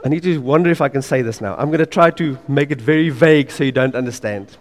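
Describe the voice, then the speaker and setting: A man preaching a sermon in an earnest, emphatic way. He repeats key phrases and drops to quiet asides. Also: mid-range voice, quick pace, in a large hall.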